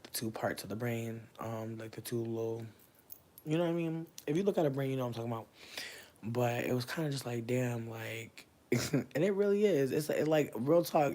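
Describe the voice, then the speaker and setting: Brief: thirties man, livestream host, mid-pitched, casual and profane, volume jumps from hushed to loud. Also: slight background noise. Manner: expressive, swinging between loud bursts and low murmurs; profane, slangy, chatty.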